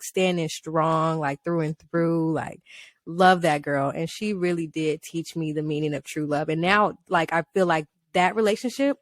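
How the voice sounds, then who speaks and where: A young adult woman co-hosting a podcast, chatting in an earnest, slangy, affectionate way. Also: lowish voice. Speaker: podcast co-host. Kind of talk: casual chat.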